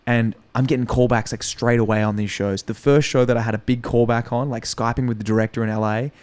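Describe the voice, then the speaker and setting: A man's voice: medium pitch, fast talker. A young man from Australia with an Australian accent, a podcast guest chatting casually and swearing freely as he tells stories about acting. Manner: profane, animated storytelling. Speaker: podcast guest, actor and comedian.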